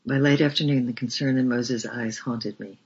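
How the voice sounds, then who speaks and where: A man narrating a memoir as an audiobook reader, with a measured, flat delivery. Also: medium pitch, slightly rough. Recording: dull lo-fi recording.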